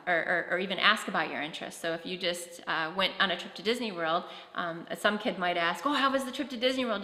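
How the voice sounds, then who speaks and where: A woman's voice: lowish voice, sharp tone. A woman giving a conference talk, conversational, with frequent fillers and restarts. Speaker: presenter on autism. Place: conference hall. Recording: echoey hall with long reverb.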